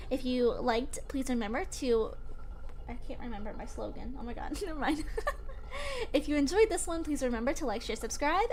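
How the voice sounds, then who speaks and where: With a voice that sits high, a young gaming streamer chats and rambles on her live stream, breathless and rattled after playing something scary. There's a little hiss or hum in the recording.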